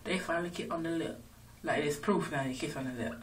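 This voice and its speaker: A woman's voice: low-pitched, quick pace. Rambling woman recapping on a phone. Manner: loose, rambling, profane, many fillers. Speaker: reality TV recapper. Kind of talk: casual episode recap. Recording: distant phone recording.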